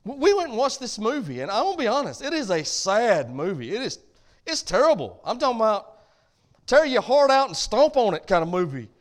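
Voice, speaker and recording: Pastor, male, middle-aged, high voice with a wide swing, folksy preaching that turns emphatic. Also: very animated, fairly quick. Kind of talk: sermon.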